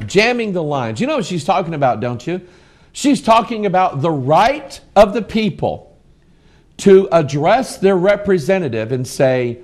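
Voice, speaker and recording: A man's voice: on the high side, very animated, measured pace, darkish tone. A middle-aged American man hosting a broadcast, reading news articles aloud and commenting on them with passion. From United States. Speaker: preacher and broadcast host.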